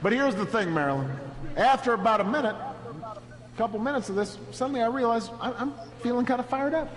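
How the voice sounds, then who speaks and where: A man giving a storytelling speech at a podium, halting and repeating words as he restarts, and rising to a rousing, shouted close. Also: extremely high pitch. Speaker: political speaker. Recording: echoey hall with steady background noise.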